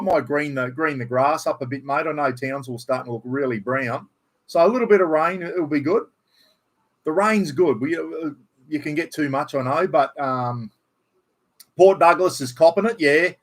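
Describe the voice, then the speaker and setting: Man, Australian accent, casual livestream chat, slightly high voice, easygoing, swears a bit. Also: normal speed. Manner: laid-back, swears casually, reads out viewer names. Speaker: livestream host. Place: at home indoors. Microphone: computer livestream.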